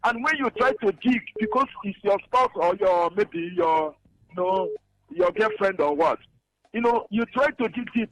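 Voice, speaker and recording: A man calling into a radio show by phone, animated and acting out back-and-forth exchanges. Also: high-pitched, moderate pace, poor audio. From Nigeria. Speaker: caller. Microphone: phone call.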